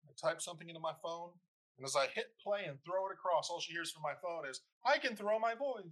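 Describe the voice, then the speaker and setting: Middle-aged male guest, bright lively voice, casual and profane. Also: fairly high pitch, fast. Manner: animated, swears freely, storytelling. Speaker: podcast guest. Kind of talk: casual chat.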